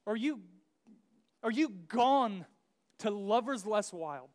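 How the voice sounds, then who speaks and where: A man's voice: high voice, expressive, takes it slowly, darkish tone. A young man preaching a casual sermon, joking and acting out biblical figures in slang asides. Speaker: pastor.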